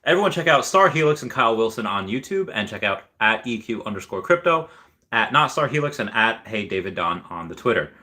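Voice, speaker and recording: A man talks through a casual vlog in a lowish voice with a bright, forward tone. He rambles, restarts his sentences and chuckles often. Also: big pitch swings, fairly quick. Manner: rambling, many fillers and restarts, frequent chuckles. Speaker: gaming and crypto video host.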